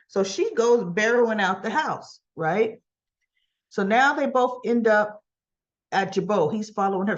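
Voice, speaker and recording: A woman's voice: medium pitch, animated, unhurried, highs cut off. A woman hosting a soap opera recap, telling the episode in a chatty storytelling way. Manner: chatty, storytelling with "and so she goes". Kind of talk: casual retelling of soap episode.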